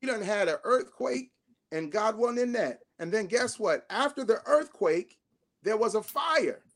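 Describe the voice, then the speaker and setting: A man preaching a sermon as bishop, swinging from loud rising shouts down to hushed slow phrases, with a Southern Black way of speaking. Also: high-pitched, lively intonation. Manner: call-and-response preaching, rising to shouts then dropping to hushed tones.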